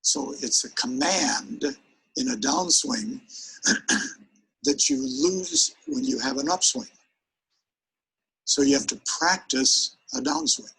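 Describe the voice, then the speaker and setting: Man, seminar trainer, husky tone, energetic, speaks directly to the audience. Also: on the high side, slow, pauses often, poor audio. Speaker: sales presentation trainer. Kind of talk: live seminar talk.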